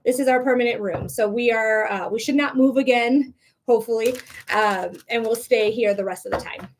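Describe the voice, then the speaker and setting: A woman's voice: a little high, moderate pace, slight background noise. A woman giving live tarot readings on a stream, chatty and encouraging, talking straight to her viewers. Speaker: psychic reader.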